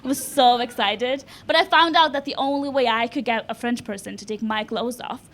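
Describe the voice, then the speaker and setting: High-voiced woman doing stand-up. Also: a little fast. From Lithuania. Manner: deadpan self-mocking delivery, laughing at her own jokes. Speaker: stand-up comedian. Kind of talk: live stand-up set. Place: comedy club stage.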